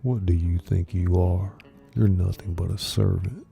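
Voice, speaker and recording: A man's voice: sits low, level tone, normal speed, dark tone, faint music behind. A man as a stern, firm father. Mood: angry. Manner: firm, raised voice. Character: stern protective father, middle-aged. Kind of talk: whispered role-play.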